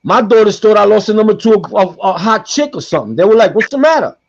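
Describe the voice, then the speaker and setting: Animated high-voiced man telling a story. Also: fast, creaky, slight background noise. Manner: animated, acts out quoted voices, repeats himself. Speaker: guest storyteller. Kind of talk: casual podcast storytelling. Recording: dull lo-fi podcast audio.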